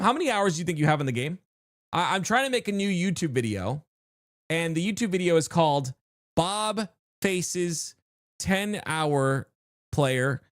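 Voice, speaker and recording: Excitable game streamer, lively pitch, dry close mic, rambling chat to viewers. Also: no room sound. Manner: excitable and chatty, restarts sentences, talks to chat.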